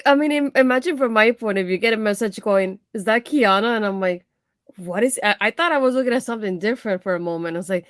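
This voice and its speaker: A woman co-hosting a casual wrestling chat show, retelling moments in an animated, giggly way. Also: mid-range voice, quick pace, dry recording, clean studio sound. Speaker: wrestling podcast co-host.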